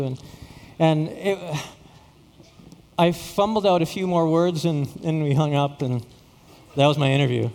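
A man's voice: a little high, steady tone, a little slow, a little mellow, long reverb tail. A middle-aged man from Saskatchewan, a pastor telling a story in a sermon, often repeating words with self-deprecating humor. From Saskatchewan, Canada.

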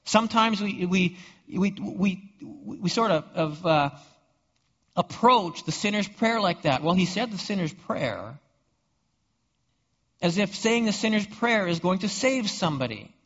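High-voiced pastor preaching. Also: male voice, expressive, unhurried, fairly bright tone. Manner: rhetorical questions, frequent repeated words. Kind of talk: sermon. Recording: dull reverberant hall recording.

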